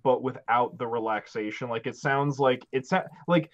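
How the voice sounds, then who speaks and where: A man chatting as a guest on a live stream, arguing his point with profanity and quick restarts. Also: medium pitch, dull audio. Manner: argumentative, profane, stammering restarts. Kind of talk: casual chat on a live stream.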